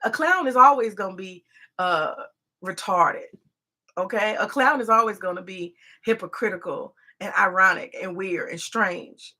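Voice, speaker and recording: A woman's voice: medium pitch, moderate pace, pushed and bright. A woman hosting a rambling, profane commentary, emphatic and repetitive, full of rhetorical questions. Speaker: commentary host.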